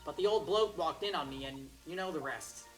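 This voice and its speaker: A woman voicing a defiant, distrustful street-urchin girl pickpocket in a game, with a gruff mock Texas drawl and clipped slang. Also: low voice, brisk, soft background music, lightly acted, poor audio.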